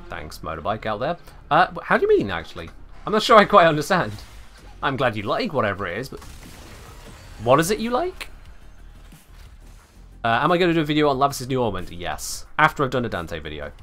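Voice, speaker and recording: A male game streamer giving live commentary, speaking with sweeping highs and lows like an old-time radio host. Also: huge pitch swings, a little fast, long pauses, pushed and bright, faint music behind.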